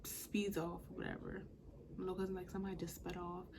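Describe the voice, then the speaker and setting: A woman's voice: on the low side, level tone, fast, vocal fry, noisy background. A young woman vlogger telling a storytime in a casual, chatty way, with a lot of "like". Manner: chatty, lots of "like".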